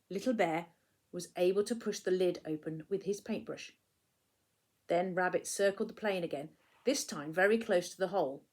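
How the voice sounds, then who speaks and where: A woman, a primary school teacher, reading a picture book aloud to children in an expressive storytelling way, hushing for the quiet moments. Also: medium pitch.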